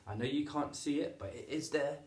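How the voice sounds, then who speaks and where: Counting down and showing each move, this PE teacher guides young children through a home lesson with upbeat encouragement. His slightly high, darkish voice runs a little fast, with faint background noise. Standing some way from the camera, he sounds distant, and the room adds a roomy echo.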